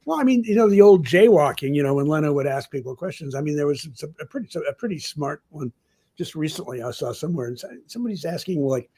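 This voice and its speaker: A man's voice: fairly high pitch, expressive, quick pace, dark tone, breathy edge. An older man, a journalism professor, telling rambling anecdotes in an interview, full of "I mean" and "you know.". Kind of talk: anecdotal conversation.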